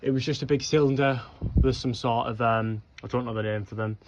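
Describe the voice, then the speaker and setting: Out of breath a little, a young man chats his way around old ruins on a windy hillside, rambling with plenty of ums and whatnots. His tone is steady and medium-pitched, his pace brisk, and the noisy outdoor camera recording sounds muffled.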